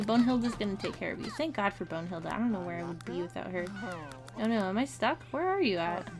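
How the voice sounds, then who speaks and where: A woman's voice: medium pitch, lively intonation, fairly quick, a little mellow. A young woman giving a chatty, giggly commentary on a life-simulation game, often talking to her characters. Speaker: gameplay commentator. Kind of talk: casual let's-play commentary. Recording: faint game music behind.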